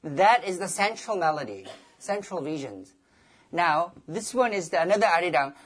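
Woman, English, music lecturer, halting with many fillers, slow, low voice. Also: lively intonation, husky. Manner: halting, many fillers and restarts, sings short melodic examples. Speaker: music lecturer presenting a performer. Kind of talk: live lecture-demonstration.

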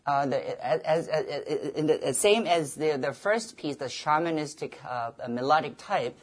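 Slow, low-voiced woman. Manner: halting, many fillers and restarts, sings short melodic examples. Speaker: music lecturer presenting a performer. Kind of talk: live lecture-demonstration.

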